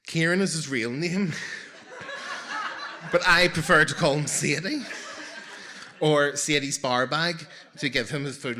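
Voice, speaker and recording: A man's voice: medium pitch, pushed and bright. A man in his forties telling a personal story live on stage, with wry, self-mocking humour and comic timing.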